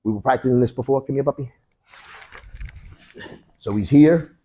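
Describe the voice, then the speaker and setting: A man teaching a martial arts class, walking students through moves and punctuating each strike with sounds like boom and bang. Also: normal speed, dull audio. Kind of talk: hands-on demonstration to a class.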